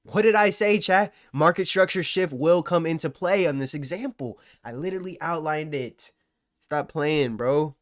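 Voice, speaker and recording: A man hosts a live trading stream, talking through the charts while ribbing his chat with slangy, boastful banter. His voice sits on the higher side for a man. The sound is dry and close, with no room echo. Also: moderate pace. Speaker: livestream trading host.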